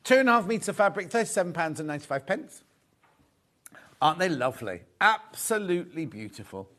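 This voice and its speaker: A man's voice: high voice, big pitch swings, a little fast, a bit bright. A man presenting a live shopping show, chatty and gushing, repeating his phrases as he shows off fabrics. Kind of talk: live sales chat.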